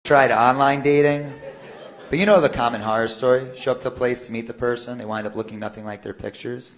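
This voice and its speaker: A man, a stand-up comedian, telling a dating story with deadpan delivery. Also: medium pitch, brisk.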